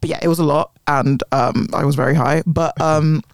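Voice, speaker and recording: A man's voice: on the high side, fairly even intonation, normal speed, no echo, studio quality. A man co-hosting a podcast in casual chat, laid-back and full of ums and yeahs. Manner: laid-back, lots of fillers like um and yeah. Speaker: podcast co-host.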